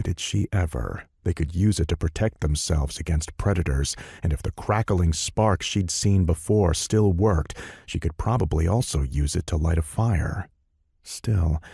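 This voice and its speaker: A man narrating an audiobook in a measured, even storytelling manner on a close studio mic. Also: sits low, gravelly, slightly rough, no echo. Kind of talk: scripted narration.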